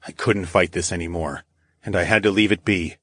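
A man narrating a first-person audiobook in a steady, measured way. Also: low voice, no echo, studio quality.

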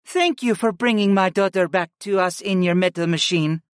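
A man playing a soft-spoken motherly chieftess. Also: high voice, smooth, dry recording, clean studio sound, pitched above the performer's own voice, close to an everyday voice. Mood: gentle. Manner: slow, soft, formal and welcoming. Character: gentle motherly chief's wife, middle-aged woman.

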